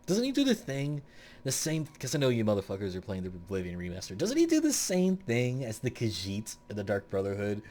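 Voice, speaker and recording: Young adult male host, low-ish voice with animated pitch, rambling and opinionated, casual gaming chat. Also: brisk. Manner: rambling, blunt and opinionated, swears freely. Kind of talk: casual tier-list commentary.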